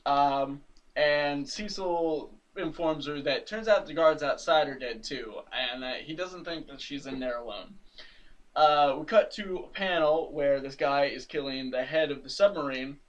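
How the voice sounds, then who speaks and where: A man chats casually on a podcast, recapping a comic with lots of laughter and quick acted-out lines. His voice sits a touch high and sounds a little distant from the mic. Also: dull audio. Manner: animated, laughs often, acts out characters' lines. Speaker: podcast co-host.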